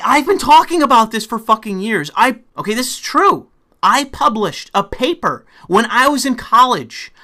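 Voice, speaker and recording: A young male commentator with a voice that sits high delivers an angry, profane political rant, bursting into shouts.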